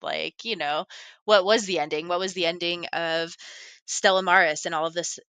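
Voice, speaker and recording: A woman's voice: fairly low pitch, fairly even intonation, moderate pace, a bit bright, clean tone, dry recording. A woman guest in a casual podcast conversation, thinking through questions aloud with many fillers. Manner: thoughtful, questioning, filler-heavy.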